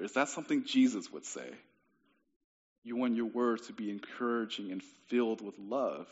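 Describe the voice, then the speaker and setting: A young man preaching a sermon as pastor, in a casual, conversational way with frequent restarts. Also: mid-range voice. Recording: dull lo-fi recording.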